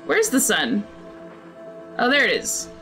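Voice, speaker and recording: A woman playing a video game and talking through it in casual, excitable commentary, often flustered and startled. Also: mid-range voice, slow pace, soft background music. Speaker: gaming streamer. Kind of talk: casual let's-play commentary.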